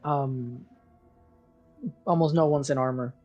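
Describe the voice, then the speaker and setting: Casting: unhurried game master, a man with a higher voice, faint music behind. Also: fairly even intonation, a little mellow, muffled recording. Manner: slow, loose narration with many fillers and restarts. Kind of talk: narrating a tabletop game.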